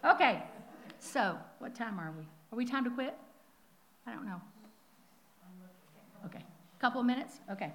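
A woman leads a Bible teaching in a chatty, animated way, full of asides and rhetorical questions. Her voice sits a bit higher than most women's. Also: low-quality recording. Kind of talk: sermon-style Bible teaching.

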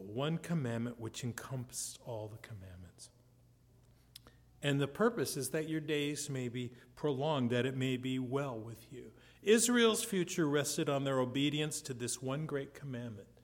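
A middle-aged man preaching a sermon, swinging between loud, emphatic peaks and soft, near-whispered lines. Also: medium pitch. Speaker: pastor.

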